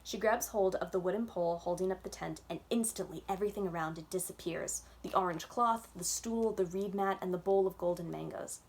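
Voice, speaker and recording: Librarian lady reading a kids' book out loud, clear steady narration. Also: fairly low pitch, brisk, few pauses. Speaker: children's librarian. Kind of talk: reading a children's novel aloud.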